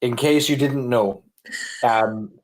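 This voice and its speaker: A man with a Cork Irish accent co-hosting a casual livestream. His pitch sits in an ordinary middle range. He rambles with playful, self-mocking asides. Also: slow. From Ireland, Cork. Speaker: livestream co-host.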